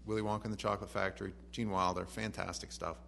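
A man preaching a sermon. He reads scripture softly and then rises to animated emphasis. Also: sits low, fast, vocal fry, slight background noise.

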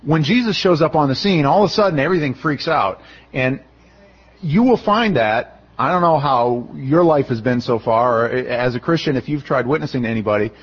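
Speaking a little fast with a breathy, medium-pitched voice, a middle-aged man preaches an expository sermon in a conversational style. He brings his retellings to life by performing the voices of those he quotes. The audio is dull.

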